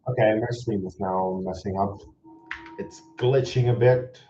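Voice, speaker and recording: A man's voice: lowish voice, fairly even intonation, measured pace, warm tone. A young Dutch man with an American-tinged English accent, chatting through a live reaction stream with rambling asides and exasperated comments. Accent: American-influenced English. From Netherlands. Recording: slightly dull echoey room with faint noise.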